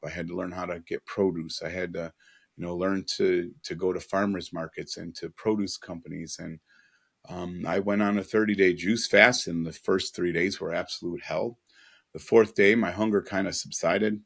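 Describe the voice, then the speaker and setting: A man's voice: sits low, fairly even intonation, moderate pace, gravelly, fairly bright tone. A man telling an earnest, emotional personal story as a podcast guest, with casual asides.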